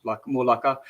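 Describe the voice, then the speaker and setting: A man's voice: mid-range voice, a bit bright. Chatty man hosting a livestream. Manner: chatty and jokey, says mate, laughs at chat comments. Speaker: YouTube livestream host. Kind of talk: casual live-stream chat.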